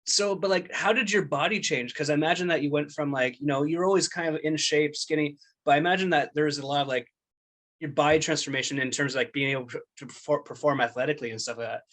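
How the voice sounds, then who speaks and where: A man hosting a casual interview, his voice a little higher than most men's. He talks in a relaxed, joking way and often stumbles and restarts mid-thought. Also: quick pace. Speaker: podcast host.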